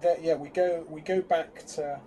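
Chatty man, mellow voice. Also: fairly high pitch, unhurried, slight background noise. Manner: chatty, hesitant restarts, animated bursts. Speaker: podcast co-host. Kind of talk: casual fan chat.

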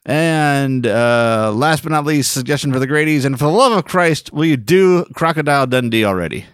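A man's voice: mid-range voice, animated, moderate pace, clear, resonant tone, dry recording. A man co-hosting a casual podcast, reading listener emails aloud and laughing often.

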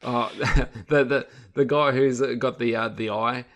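A man co-hosting a podcast, chatting casually and critically, animated and profane with lots of stumbling restarts. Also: medium pitch, measured pace. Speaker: podcast co-host.

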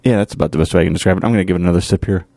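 A man's voice: sits low, rapid-fire, warm tone, no room sound, studio quality. A man hosting a podcast, giving a casual, rambling update and thinking aloud as he goes. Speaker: podcast host, home brewer.

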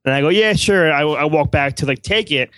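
A high-voiced man chats over a video call, rambling and stumbling over his words. He has the occasional swear and a bright, upbeat pitch, heard dry and close with no room around him. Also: steady tone, fast, no echo. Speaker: podcast co-host.

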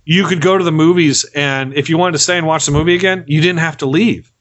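A man hosts a movie podcast, rambling along and tripping over his words, with a voice a touch higher than most. The sound is dull and lo-fi. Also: fairly even intonation, fast talker, fairly bright tone, slight background noise. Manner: rambling, repeats words, swears for laughs. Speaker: podcast host. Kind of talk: casual chat.

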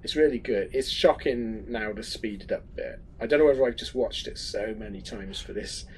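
A man's voice: fairly low pitch, moderate pace, slight background noise, poor audio. A man co-hosting a podcast, chatting casually with playful jokes and rambling asides. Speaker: podcast co-host. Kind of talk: casual chat.

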